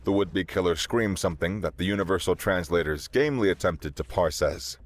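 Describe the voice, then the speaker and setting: A man narrating a sci-fi story in a steady, dramatic way. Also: sits low, a little fast.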